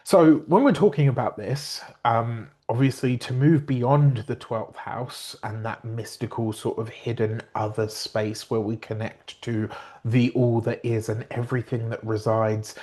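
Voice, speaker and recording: A man who reads astrology and tarot, talking in a casual and meandering way, slowing down to stress his points and correcting himself as he goes. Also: medium pitch, steady tone, a little mellow. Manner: meandering and earnest, slows down to stress points, with fillers and self-corrections. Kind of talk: casual spoken explanation to camera.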